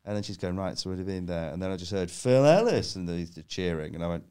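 A man's voice: deep voice, animated, fast, dark tone, smooth. A man, a comedian guest, telling a story on a casual podcast. He swears freely and acts out his own panicked voice.

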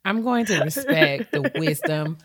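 A woman's voice: mid-range voice, lively intonation, a little slow, husky. A woman co-hosting a podcast in casual chat, dropping churchy praise and exclamations as she talks. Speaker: podcast co-host.

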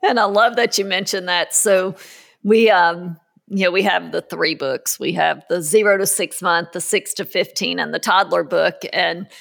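A woman's voice: fairly low pitch, steady tone, normal speed, vocal fry, a bit bright. A woman podcast host and parenting author, chatting and telling stories, playfully quoting others along the way. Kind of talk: casual podcast chat.

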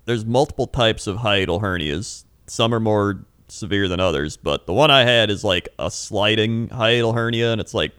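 A man's voice: lowish voice, normal speed, hardly any pauses, fairly bright tone, clean tone, no room sound, studio quality. A young man in casual podcast chat, telling rambling stories and laughing often. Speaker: podcast co-host.

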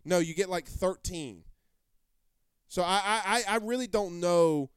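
A man's voice: high-pitched, measured pace, clean tone, no room sound, studio quality. A man hosting a live sports talk show, brash and rambling, repeating himself as he answers viewer comments.

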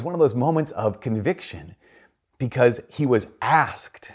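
A man's voice: very animated, a little fast, breathy edge. A middle-aged male priest giving a homily, telling a story and acting out the quoted voices. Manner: storytelling, acts out quoted voices with big pitch jumps.

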